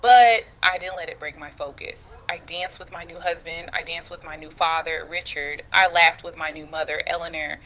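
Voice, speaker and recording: Woman w/ slightly low voice, african american english, storytime chat, says girl and chile a lot. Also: steady tone, normal speed, hardly any pauses, fairly bright tone. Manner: conversational, uses slang like chile and girl. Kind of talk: first-person storytelling.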